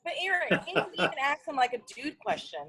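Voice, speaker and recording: A brash woman chef teases the men as she plays trivia. Her high voice leaps about. Crowd chatter sounds behind her. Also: very animated, fast. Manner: brash, teasing, laughing. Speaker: chef, guest. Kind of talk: casual chat, trivia contestant.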